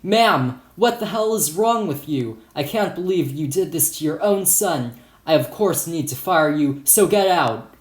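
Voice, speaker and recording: A man voicing a furious male school principal who scolds and shouts. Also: on the high side, expressive, unhurried, hardly any pauses, roomy sound.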